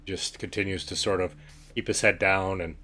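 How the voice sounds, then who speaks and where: Male game master, rambling tabletop narration, low pitch, husky tone. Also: normal speed. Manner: relaxed, rambling, many fillers.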